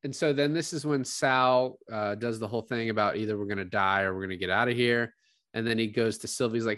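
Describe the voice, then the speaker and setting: A man in casual podcast talk, breaking down a film scene by scene. He slips into quoted dialogue with quick laughs. The sound is close and dead dry. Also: mid-range voice, a bit bright, no room sound. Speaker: podcast co-host. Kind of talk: casual movie discussion.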